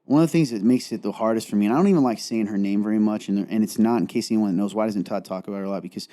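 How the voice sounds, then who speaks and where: Very fast and fairly low in pitch, his dark voice carries an earnest, rambling quality. He co-hosts a frank faith-based podcast and is near tears, close to crying throughout.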